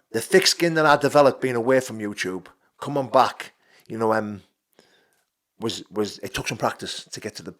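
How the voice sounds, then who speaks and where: A man in his thirties with a Geordie accent, talking as a podcast guest. He speaks bluntly and swears freely. He drops to a low, quiet voice at times, then pushes out loud and emphatic. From North East England. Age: 30s. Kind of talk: casual podcast chat.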